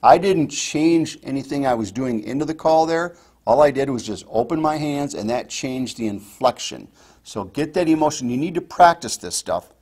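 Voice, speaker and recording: Male call instructor, mid-pitched, steady teaching delivery. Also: moderate pace. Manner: explains step by step, demonstrates softly. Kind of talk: instructional talk.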